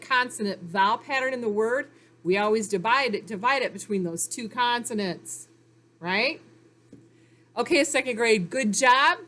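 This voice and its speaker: Woman teacher, upbeat and clear, slightly higher voice, faint room hiss behind, for a children's phonics lesson. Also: a bit bright. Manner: slow, clear, encouraging teacher talk with pauses for answers.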